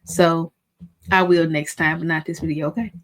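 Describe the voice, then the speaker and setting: A young adult woman with a Southern country accent, coaching pharmacy students in a fast, excitable, chatty way. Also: low-pitched. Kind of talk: casual teaching talk to camera.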